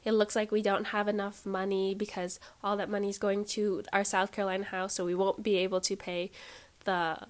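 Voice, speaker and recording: A woman's voice: medium pitch, flat delivery, moderate pace. Twenties woman, solo podcast host, congested and stuffy, loose rambling delivery full of ums, mid-range voice. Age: 20s. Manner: chatty, rambling, frequent ums and likes. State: stuffy nose. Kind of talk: casual solo life-update chat.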